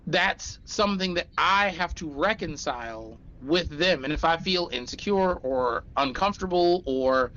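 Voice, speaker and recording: A man's voice: fairly high pitch, animated, a little slow, hardly any pauses, sharp tone. A man speaking as a guest in a casual conversation, frank and explanatory, swearing freely. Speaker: podcast guest. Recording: dull lo-fi sound.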